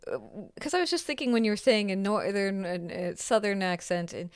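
Smooth-voiced woman podcast host. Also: medium pitch, animated, fairly quick, no room sound, clean studio sound. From United States. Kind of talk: casual chat, reading listener mail.

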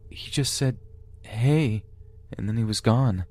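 A man's voice: medium pitch, slow pace, darkish tone, pitched above the performer's own voice, close to an everyday voice. A man voicing a scared young child who sniffles and worries about being in trouble. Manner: small, sniffling and anxious. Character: scared young child caught after wandering off.

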